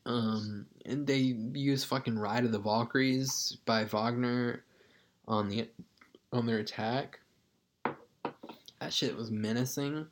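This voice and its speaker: A man's voice: medium pitch, fairly even intonation, slow, long pauses. A man co-hosting a podcast in casual film discussion, talking loosely and profanely and trailing off into fillers. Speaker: podcast co-host.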